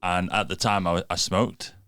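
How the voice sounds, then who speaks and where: A man's voice: low voice, fairly even intonation, normal speed, a bit bright, smooth, dry recording, studio quality. A man with a northern English accent telling stories and swearing freely in casual podcast chat.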